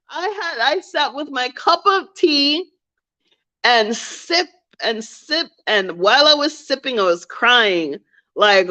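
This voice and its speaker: A woman's voice: fairly high pitch, lively intonation, unhurried, pushed and bright. A woman telling a personal story to camera in a candid, reflective way, repeating phrases for emphasis. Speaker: vlogger. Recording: dull lo-fi recording.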